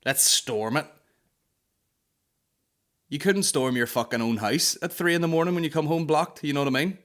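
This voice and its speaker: A man's voice: fairly high pitch, normal speed, fairly bright tone. A man with a Northern Irish accent hosting a comedy podcast, telling sweary, rambling stories and slipping into put-on voices. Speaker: podcast host. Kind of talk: casual comedy monologue.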